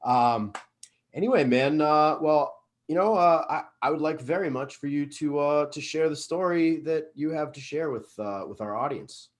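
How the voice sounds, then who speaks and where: A man in his late thirties from Massachusetts hosting a podcast interview, loose and casual with plenty of ums and easy laughter. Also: a little high. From Northeastern Massachusetts. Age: late 30s. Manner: loose and laid-back, lots of ums, quick to laugh. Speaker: podcast host.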